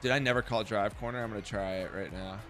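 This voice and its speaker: A young man giving loud, profane, self-mocking commentary while streaming a football video game. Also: fairly low pitch, steady tone, fast, faint music behind. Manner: profane, self-mocking trash talk with sudden outbursts. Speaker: gaming streamer. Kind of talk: live gameplay commentary.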